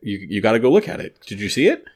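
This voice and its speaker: A man's voice: lowish voice, big pitch swings, quick pace. A young adult man co-hosting a podcast in casual chat, joking and teasing with some swearing. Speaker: podcast co-host.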